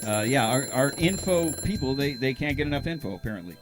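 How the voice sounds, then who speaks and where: A man's voice: mid-range voice, expressive, a little fast, music in the background. A man hosting a comic call-in show, sounding distracted and hesitant, reacting with short interjections. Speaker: show host. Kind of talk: comic live call-in chat.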